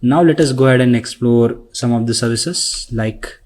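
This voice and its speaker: A man leading a screen-share software tutorial, talking conversationally and tagging his sentences with "right?" and "okay?". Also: medium pitch, moderate pace. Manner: conversational, frequent "right?" tags and fillers. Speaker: instructor. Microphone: recording mic.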